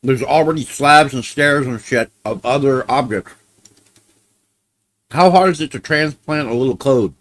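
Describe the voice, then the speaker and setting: A man's voice: medium pitch, unhurried, a bit bright, dry recording. A man chatting casually on a live stream, blunt and grumbling, with plenty of swearing.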